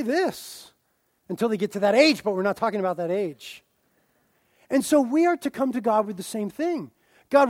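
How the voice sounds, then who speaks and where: A young man delivers a sermon in a strikingly high voice. He mixes playful asides with forceful, emphatic preaching. The sound is dry and close, with no room echo. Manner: animated, jokey asides, rising to loud emphatic preaching. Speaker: pastor.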